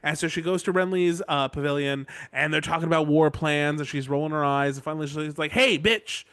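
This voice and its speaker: A man's voice: a little high, little pitch movement, a little fast, fairly bright tone, clear, resonant tone, no room sound. A man hosting a podcast, recapping a book chapter in casual chat, rambling, playful and profane. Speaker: podcast host.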